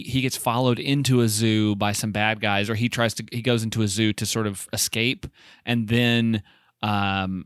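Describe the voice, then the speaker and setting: A man's voice: fairly low pitch, fairly bright tone, clean tone, no echo, clean studio sound. A man co-hosting a podcast in casual banter, joking and laughing as he riffs on ideas. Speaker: podcast co-host.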